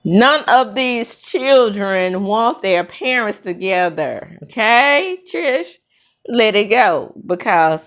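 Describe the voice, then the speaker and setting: Slow-talking sassy woman recapping reality TV. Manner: sassy, blunt, drawling with sudden high exclamations. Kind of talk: casual reality show recap commentary.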